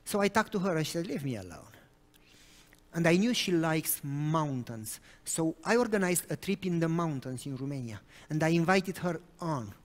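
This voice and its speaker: A man's voice: fairly high pitch, animated, moderate pace, few pauses. Man preaching in an echoing hall. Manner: storytelling with sudden emphatic rises. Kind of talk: sermon. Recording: reverberant hall.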